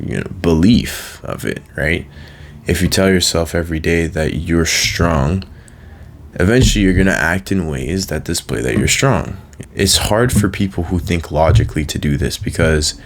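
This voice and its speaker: Very deep-voiced young man rambling casually. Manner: loose and rambling, slangy, jokes with himself. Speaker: vlogger. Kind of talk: casual mindset monologue.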